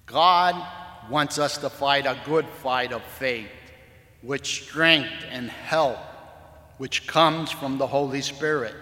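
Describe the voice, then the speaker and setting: A man preaching a sermon in a church, measured and earnest, recorded with church echo. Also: a little high, pushed and bright. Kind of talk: sermon with story reading. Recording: echoey church hall.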